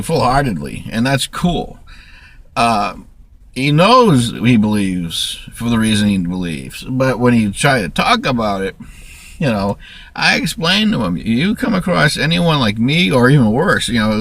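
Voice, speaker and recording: A man's voice: medium pitch, fairly bright tone, dry recording. A man ranting in a rambling, profane monologue to camera, restarting sentences often. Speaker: vlogger.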